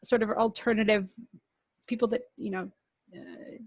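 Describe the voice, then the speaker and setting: A woman as a podcast guest in casual chat, telling stories in an animated, laughing way and swearing freely. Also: medium pitch, moderate pace, no room sound, muffled recording.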